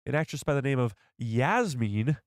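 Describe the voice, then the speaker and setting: A man's voice: mid-range voice, expressive, moderate pace, dry recording, clean studio sound. A man hosting a casual live stream, chatting to viewers and laughing often.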